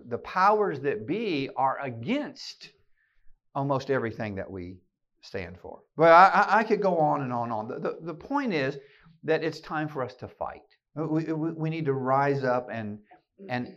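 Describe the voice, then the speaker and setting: A man's voice: fairly high pitch, fairly bright tone, lo-fi sound. A man giving a fiery keynote sermon to a room of listeners, emphatic and rallying, often restarting his words. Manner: emphatic, rallying, with many repeated word restarts. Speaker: keynote speaker and podcast host. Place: meeting room with an audience.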